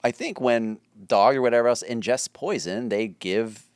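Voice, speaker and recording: A man's voice: mid-range voice, normal speed, a little mellow, clear, resonant tone, no room sound, studio quality. A man co-hosting a casual church podcast, eagerly affirming and reacting. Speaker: podcast co-host.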